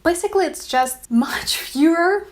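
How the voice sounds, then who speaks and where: A woman with a Russian accent, a native Russian speaker, explaining language points to camera in a slow, careful way with light laughs. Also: very high-pitched, lively intonation. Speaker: language teacher.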